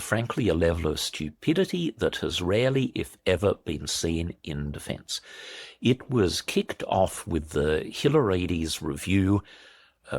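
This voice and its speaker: Sardonic deep-voiced man, gravelly. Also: dry recording. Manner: sardonic, emphatic, dry sarcasm. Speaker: podcast host and defence commentator. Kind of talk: opinionated solo podcast commentary.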